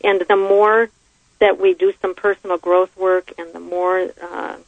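A woman with a gravelly edge explains handwriting to a radio host with plain everyday examples. She comes through a thin, phone-like line. The sound is dry, with no room around it. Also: fairly low pitch, little pitch movement, a little slow, no echo. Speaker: handwriting analyst guest.

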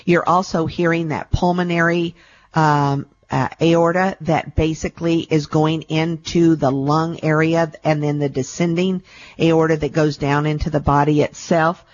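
Brief: woman radio host, low voice, affectionate and talkative, muffled broadcast audio. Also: little pitch movement, unhurried. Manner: warm, chatty, calls callers sweetie and darling. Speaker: radio show host and intuitive reader. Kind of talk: call-in radio talk.

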